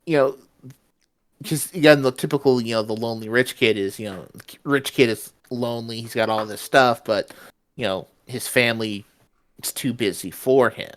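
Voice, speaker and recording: A man co-hosting a podcast in casual chat, rambling with plenty of fillers and restarts. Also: mid-range voice. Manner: rambling, many fillers, does quick mock voices. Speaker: podcast co-host.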